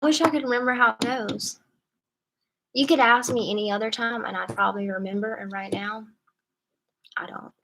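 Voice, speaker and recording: A woman's voice: a little high, steady tone, moderate pace, gravelly, pauses often, fairly bright tone, a little hiss or hum, low-quality recording. A woman reading tarot on a live stream from a hotel room, chatting casually and playfully with viewers in slangy talk and laughing often.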